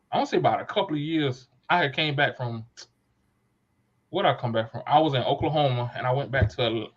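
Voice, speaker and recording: A man's voice: medium pitch, highs cut off. A man hosting a podcast, telling a story in casual chat and acting out the voices of people in it. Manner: animated storyteller, acts out quoted voices. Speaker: podcast host.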